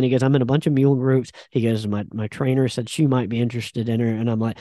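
A man tells a story in an easygoing, rambling way, with plenty of "uh" between phrases. His voice is mellow and middling in pitch, recorded close and dry. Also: fairly even intonation, fast, dry recording. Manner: laid-back, rambling, with many fillers. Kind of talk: casual chat.

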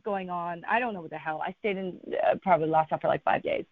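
A woman, a guest in an interview, telling a travel story in an animated way and acting out what people said. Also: on the low side, quick pace, few pauses, dry recording. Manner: animated storyteller, acts out quotes. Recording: thin phone-like line, dry.

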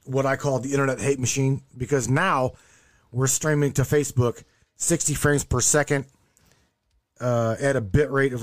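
A man hosting a casual chat show from his home studio, talking in a brash, animated, profane way. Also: medium pitch. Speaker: host.

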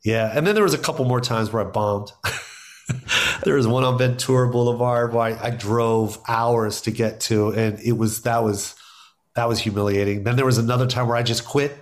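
A man's voice: mid-range voice, steady tone, normal speed. A middle-aged man, a stand-up comedian, telling stories in casual podcast talk, acting out quotes and laughing often.

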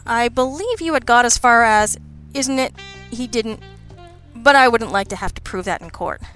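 A woman's voice: a little high, animated, moderate pace, fairly bright tone, faint music behind. A woman voicing a dry-witted, unflappable male detective who speaks patiently and wryly in an audiobook.

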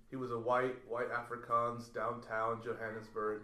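A man's voice: medium pitch, normal speed. Guy telling a story on a podcast, acts out voices, roomy echo. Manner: animated storyteller, acts out quoted lines. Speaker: podcast guest. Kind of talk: casual storytelling.

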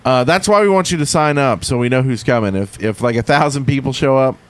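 A man's voice: medium pitch, fast. A man hosting a podcast, chatting casually and reading ads in a rambling, jokey way. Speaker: podcast host. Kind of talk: casual chat and read ads.

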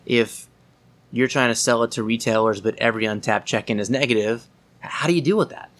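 Fast-talking, blunt podcast host. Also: male voice, mid-range voice, fairly bright tone. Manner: blunt, opinionated, asks pointed questions. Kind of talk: casual podcast chat.

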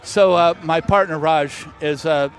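Middle-aged male guest, lively storyteller, a bit high-voiced. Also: measured pace. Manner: animated anecdote-teller who acts out quoted voices. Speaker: master distiller guest. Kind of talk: casual storytelling interview.

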